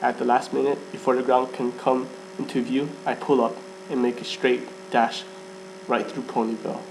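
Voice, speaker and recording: A man's voice: mid-range voice, little pitch movement, normal speed, creaky, background noise. Man reading a story aloud, stumbling. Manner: stumbles and restarts, laughs at himself. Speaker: fan fiction reader. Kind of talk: amateur first-person story reading.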